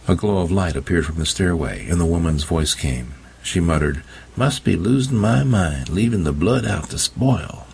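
Deep, husky male narrator, wry first-person audiobook reading, rough low voice. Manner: wry, sardonic storytelling.

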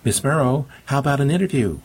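A man's voice: medium pitch, animated, husky, pitched above the performer's own voice. A man playing a pushy TV reporter woman. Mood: brisk. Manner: brisk broadcast delivery. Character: brisk, pushy female TV news reporter.

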